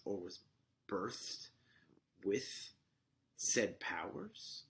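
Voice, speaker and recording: A man recapping a film on a casual podcast, animated and full of questions. His low voice is gravelly with a bright, forward edge. He speaks at an unhurried, slow pace. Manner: animated retelling of scenes, asks questions. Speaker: podcast co-host. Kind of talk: casual movie review chat.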